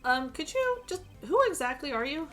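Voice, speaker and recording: A woman's voice: high-pitched, big pitch swings, normal speed, a bit bright, faint music behind. A woman streaming a game, reading the dialogue aloud with joking, crude asides and a strained voice.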